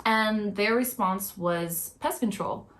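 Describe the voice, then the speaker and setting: A woman's voice: medium pitch, slow, fairly bright tone. A young woman vlogging her reaction, talking in an upset, rambling way with many filler words. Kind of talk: emotional reaction commentary.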